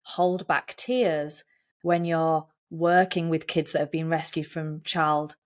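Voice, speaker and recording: A woman's voice: low-pitched, steady tone, slow. A woman guesting on a podcast, telling her story in a candid, earnest way in casual interview chat.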